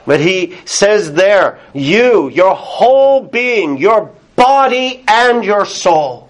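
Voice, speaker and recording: A male pastor delivers a sermon in a noticeably high voice. He speaks slowly and deliberately, leaning on key words with earnest emphasis and soft laughs between points. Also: very animated.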